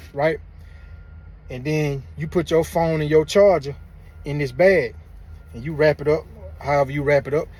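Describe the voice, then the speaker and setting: A man's voice: high voice, husky. A man telling a story to camera in casual slang, repeating himself as he goes. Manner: repetitive, loose, drawling speech with slang. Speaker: vlogger telling prison stories.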